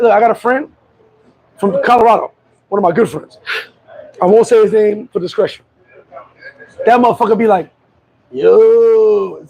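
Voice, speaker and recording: Guy vlogging outside on the street, kinda high and gravelly, jokey, laughs a lot. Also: poor audio. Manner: joking, storytelling, laughs often. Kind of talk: casual street vlog chat. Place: outdoors on a street.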